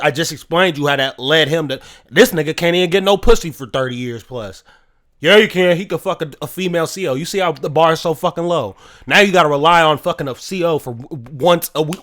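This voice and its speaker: A man's voice: on the high side, fairly bright tone. A man hosting his own podcast, ranting solo in a profane, incredulous commentary. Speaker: podcast host.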